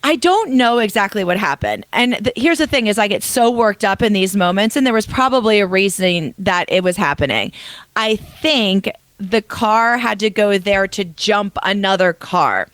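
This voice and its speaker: A young woman co-hosting a podcast, telling an animated story in casual chat and over-explaining as she goes. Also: medium pitch, normal speed, no room sound. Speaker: podcast co-host.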